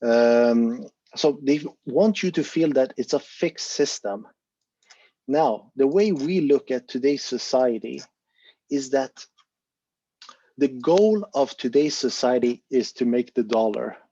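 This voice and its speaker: A man's voice: mid-range voice, lively intonation, slow, warm tone, husky, no room sound. Earnest man on a muffled call. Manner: earnest, encouraging, thinks aloud with fillers. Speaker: volunteer presenter of an online discussion. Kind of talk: casual explanatory talk on a video call.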